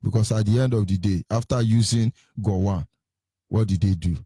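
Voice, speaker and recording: A husky man delivers impassioned political commentary. He repeats his rhetorical questions again and again. The recording is dry and close, with no room sound. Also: fairly low pitch, moderate pace, warm tone, no room sound. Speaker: radio commentator.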